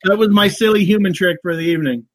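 High-voiced playful man guest. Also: quick pace, no room sound. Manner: playful, showing off silly tricks. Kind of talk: casual joking chat.

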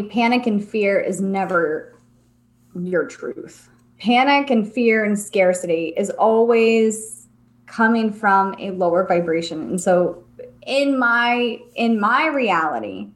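A woman's voice: medium pitch, lively intonation, a little slow. A young adult woman co-hosting a spiritual podcast, speaking earnestly and reflectively with casual fillers. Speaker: podcast co-host.

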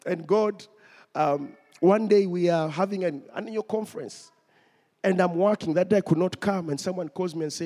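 High-voiced male preacher in a reverberant hall. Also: moderate pace, mellow. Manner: storytelling, speaks to the congregation directly. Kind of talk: sermon testimony.

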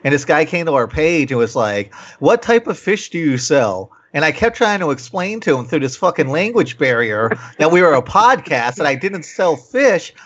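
Podcast host, man, wry jokes, lively pitch, muffled lo-fi sound. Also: normal speed, few pauses. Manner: joking, wry. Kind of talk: casual chat. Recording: dull lo-fi sound.

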